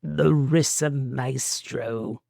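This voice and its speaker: A man putting on the voice of a sinister old male galactic emperor, speaking slowly and low. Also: fairly even intonation, creaky, mellow, dry recording, studio quality, full character voice.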